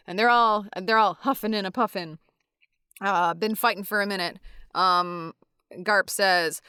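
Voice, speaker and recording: A woman on a podcast recaps a manga chapter in a relaxed way, jumping into character voices for the dialogue. Her voice is smooth and clear, and the sound is dry and close to the mic. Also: medium pitch, measured pace, dry recording. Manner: reads panel dialogue in put-on voices, with many fillers. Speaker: podcast guest.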